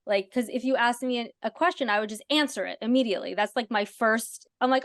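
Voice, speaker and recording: A woman's voice: fairly high pitch, fairly quick, few pauses, no room sound, studio quality. A woman hosting a podcast, telling stories animatedly with many "like" fillers. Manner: animated storyteller, lots of "like" fillers. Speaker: podcast host. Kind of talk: casual chat.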